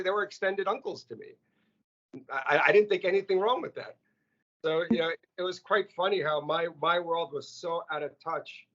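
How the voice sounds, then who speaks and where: A man being interviewed as a restaurant chief, telling stories in a lively, casual way and often repeating words. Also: on the high side. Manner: animated, repeats words when excited. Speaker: restaurant CEO, interview guest. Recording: muffled lo-fi audio.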